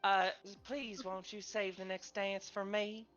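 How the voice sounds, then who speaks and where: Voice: mid-range voice, little pitch movement, a little slow, lo-fi sound, music in the background, pitched above the performer's own voice, close to an everyday voice. A player voicing a bold, sassy female swordfighter with a Southern US drawl and a flirty, taunting manner.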